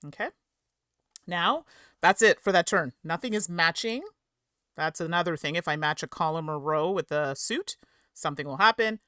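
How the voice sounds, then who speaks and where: A woman's voice: fairly low pitch, moderate pace, sharp tone, smooth, dry recording, studio quality. A woman hosting a live game stream, chatting with viewers, explaining rules, giggling and tripping over words at a home streaming setup. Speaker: streamer and host.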